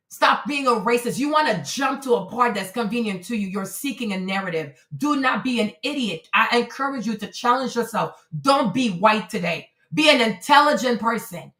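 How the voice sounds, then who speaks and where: Blunt high-voiced woman streaming, roomy sound. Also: a bit bright. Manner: blunt, profane, lecturing a chat viewer. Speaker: livestream host. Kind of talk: live-stream commentary.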